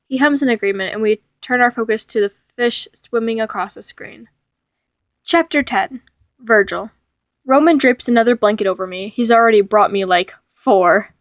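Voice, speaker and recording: A woman's voice: medium pitch, moderate pace, no room sound, studio quality. Woman reading a story aloud. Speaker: narrator reading a fan fiction.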